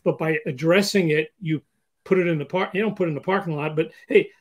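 A man's voice: on the high side, fast talker. An older man speaking as an interview guest, giving hiring advice in a conversational way and acting out example dialogue. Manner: animated, acts out example dialogue.

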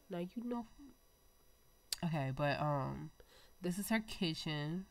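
A woman's voice: lowish voice, slow, pauses often, no echo. Chatty young woman with a stuffy nose. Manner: chatty, excitable, talks straight to viewers. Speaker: gaming channel host. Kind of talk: casual gameplay commentary.

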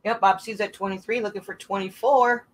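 A woman's voice: medium pitch, fairly even intonation, brisk, rough recording. A woman calling a live online coin auction, chatting and laughing between bids. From American South. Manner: chatty, laughs often, sings made-up bits.

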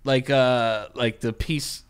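A man's voice: mid-range voice, fairly even intonation, slow pace, clean tone. A man co-hosting a podcast in casual chat, joking and swearing with mock-angry outbursts. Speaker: podcast co-host.

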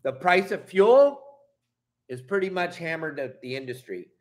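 A man's voice: a little high, very animated, unhurried. A middle-aged man from Southern California hosting a fishing channel, ranting angrily and emphatically, swearing and apologizing. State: upset. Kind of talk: heated vlog rant.

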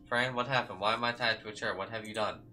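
A groggy, irritable doctor who cannot make sense of things, as a man reads his lines. The voice is lowish and very bright. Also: steady tone, fast talker, faint music behind. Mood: confused. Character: dazed male doctor, confused and irritable.

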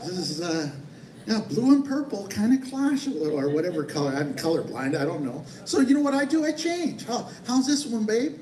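A man preaching a sermon in a church sanctuary. His voice sits high, and he talks in a casual, joking way between his points. The sound is roomy and a little distant, with faint church ambience behind him. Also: big pitch swings, a little fast, background noise. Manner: conversational preaching, playful asides. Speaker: pastor. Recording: echoey church hall from far off.

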